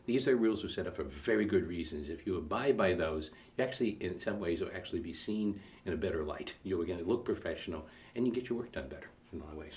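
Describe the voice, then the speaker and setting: A middle-aged man, an acting coach, explaining audition etiquette in a measured, casual way. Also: low voice, lively intonation, darkish tone. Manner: measured, explanatory, poses questions. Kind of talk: casual advice chat.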